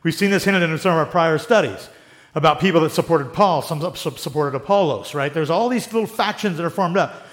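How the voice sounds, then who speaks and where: A middle-aged man leading a conversational Bible study, animated and acting out quoted voices with the odd chuckle at his own asides. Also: a little high, fairly quick.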